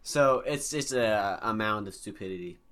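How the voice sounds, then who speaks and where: A man's voice: fairly low pitch, moderate pace, a bit bright. A young man hosting a podcast in casual chat, rambling and laughing. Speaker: podcast host.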